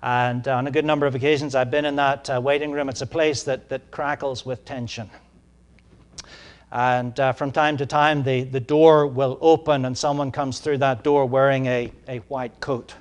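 A man preaching a sermon as pastor, measured and halting with ums, then swelling to emphatic peaks. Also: medium pitch, little pitch movement.

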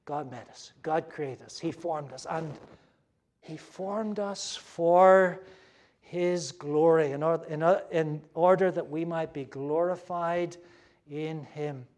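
A man preaching a sermon to a gathered audience, earnest and emphatic, moving between loud stresses and hushed asides. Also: on the high side, slow.

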